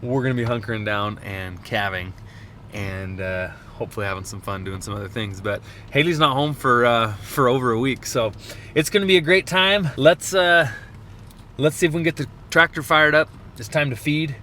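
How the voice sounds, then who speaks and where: A man's voice: mid-range voice, normal speed, pushed and bright, a little hiss or hum. Easygoing young man, chatty ranch vlogger. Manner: chatty and easygoing, with small laughs and groans at the cold. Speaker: cattle rancher. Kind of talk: casual vlog narration. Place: outdoors and in barns on a cattle ranch in cold wind.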